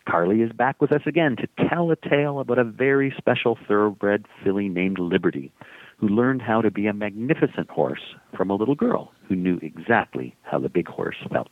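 A man's voice: lowish voice, lively intonation, brisk, dry recording. A man hosting a podcast, introducing segments and guests in an upbeat announcing way. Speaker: podcast host. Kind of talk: scripted show host intros. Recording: dry, tinny phone-like sound.

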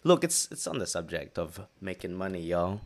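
A man's voice: sits low, big pitch swings, moderate pace. A man co-hosting a podcast, talking casually in a playful, rambling way with frequent restarts. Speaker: podcast co-host. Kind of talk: casual chat.

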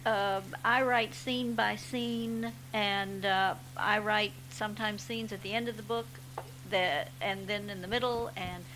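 A woman's voice: medium pitch, steady tone, unhurried, fairly bright tone, a little hiss or hum, rough recording. A woman novelist answering on a panel, hesitant with fillers but enthusiastic.

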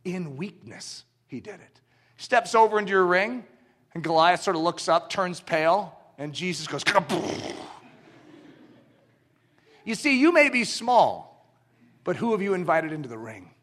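Male preacher, high and sharp-toned, very expressive delivery, acts out scenes mid-sermon. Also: normal speed. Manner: animated, acts out dialogue and illustrations.

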